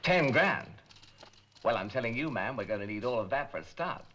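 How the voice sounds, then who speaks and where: An actor playing a glib, hustling pop music manager who talks in trendy slang, in a 1960s film. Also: male voice, mid-range voice, animated, a little fast, natural voice. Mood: persuasive. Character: slick fast-talking male pop music manager. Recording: muffled old film soundtrack.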